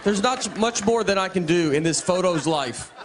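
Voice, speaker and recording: A man tells stories on stage in a dry, deadpan way, wandering through restarts and asides. His voice sits a little high for a man. The live recording carries audience laughter and steady background noise. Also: normal speed. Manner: deadpan, meandering storytelling with frequent restarts. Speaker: stand-up comedian. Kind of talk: stand-up comedy set. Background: crowd laughter.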